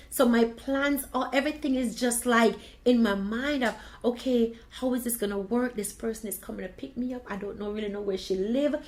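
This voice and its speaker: A woman with a fairly high voice tells her own story. She tells it with lively, expressive energy and acts out the dialogue as she goes. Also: rough recording. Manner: animated, expressive retelling with quoted dialogue. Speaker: video blogger. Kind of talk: personal storytelling.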